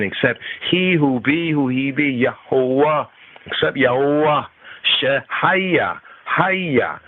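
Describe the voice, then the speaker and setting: A man teaching scripture on a podcast, slowly repeating and chanting Hebrew words. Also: medium pitch. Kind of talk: slow devotional scripture teaching. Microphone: phone line. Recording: tinny phone-line call-in radio.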